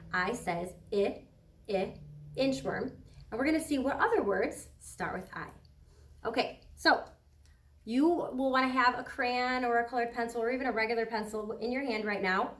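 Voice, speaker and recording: Distant, higher-voiced woman teaching kindergarten phonics. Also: fairly bright tone. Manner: slow, patient, drawn-out words for sounding out. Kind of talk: recorded phonics lesson for young children.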